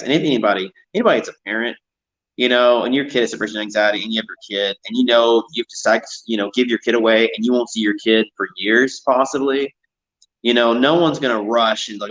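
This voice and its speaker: A man's voice: medium pitch, fast talker, a bit bright, highs cut off. A man talking in a casual chat, rambling and repeating himself.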